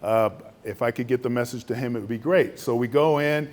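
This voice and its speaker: A man's voice: a little fast, background noise. A middle-aged man, an Air Force general, telling a story in a luncheon speech and acting out the other voices. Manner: animated storytelling, acts out other voices with raised pitch.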